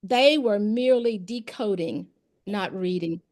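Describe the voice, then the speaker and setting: A woman's voice: mid-range voice, measured pace. A woman, a former principal and education expert, telling classroom stories in an informal interview and acting out the dialogue. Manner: animated, acts out dialogue in her anecdotes.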